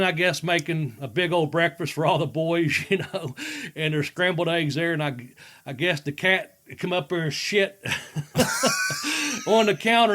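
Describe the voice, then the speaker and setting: A man's voice: on the high side, a bit bright. A middle-aged man co-hosting a wrestling talk show, telling stories casually and laughing often as he acts out voices. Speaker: podcast co-host, former wrestler. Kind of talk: casual chat, storytelling.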